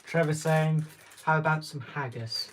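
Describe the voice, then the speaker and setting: A man's voice: fairly high pitch, fairly even intonation, measured pace. Dry British man reading chat aloud. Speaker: co-host reading chat comments. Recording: home live-stream audio with clear hiss.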